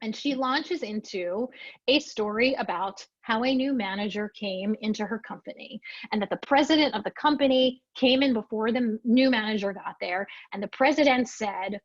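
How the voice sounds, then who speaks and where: A woman presenting a storytelling webinar, telling anecdotes in a lively, expressive way and acting out her own lines. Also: fairly high pitch, normal speed, dry recording, muffled recording.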